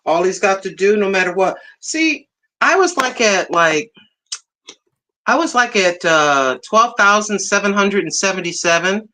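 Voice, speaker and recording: A woman from Puerto Rico hosting a casual livestream chat, talking in an excited, effusive way and repeating herself. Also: mid-range voice, unhurried, slight background noise. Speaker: livestream host.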